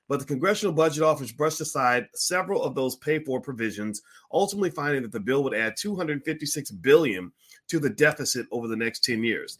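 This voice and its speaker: Guy doing a casual finance livestream, bright tense voice, lots of uhs. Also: medium pitch. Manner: chatty, frequent fillers, flares up in mock outrage. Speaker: finance show host.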